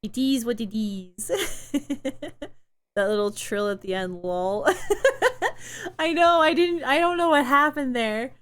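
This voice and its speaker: A woman's voice: a little high, takes it slowly, pauses often, fairly bright tone, clean tone. Giggly young woman chatting on stream. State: throat tired from talking. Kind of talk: casual live-stream chat.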